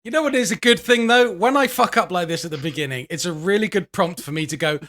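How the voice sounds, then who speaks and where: A man's voice: high voice, fast, noisy background. A man hosting a casual podcast over a video call, laughing often and swearing casually as he chats with guests. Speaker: podcast host.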